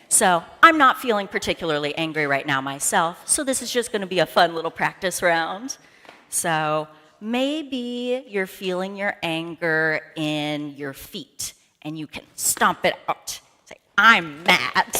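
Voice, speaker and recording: A bright, animated woman leads children's time at a church service, coaxing everyone to stand up and move. Her voice carries with a long reverberant tail from a large sanctuary. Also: on the low side. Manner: playful, animated, leads movement and shouting. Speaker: children's message leader. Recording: echoey hall from the room mic.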